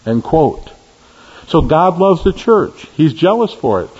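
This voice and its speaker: Man, sermon, emphatic preaching, husky voice, long reverb, muffled recording. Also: sing-song, a little slow, darkish tone. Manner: emphatic, rising to stressed peaks and dropping low on key words.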